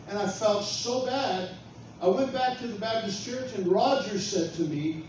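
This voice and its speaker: A man preaching and telling stories, building to loud, emphatic declarations. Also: sits high, expressive, moderate pace, lo-fi sound. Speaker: pastor. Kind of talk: preaching testimony. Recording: echoey room, far from mic, faint noise.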